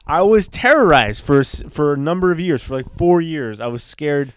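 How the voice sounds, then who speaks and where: A man from Canada co-hosting a comedy podcast, telling stories in an animated way and laughing easily. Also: a little high, moderate pace, clean tone, no echo, clean studio sound. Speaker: podcast co-host. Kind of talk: casual comedy podcast chat.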